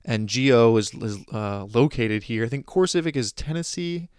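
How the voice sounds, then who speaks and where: A man's voice: medium pitch, lively intonation, normal speed, a little mellow, clean tone, no room sound, studio quality. A male podcast host, sardonic and profane, questioning his guest. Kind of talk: casual interview talk.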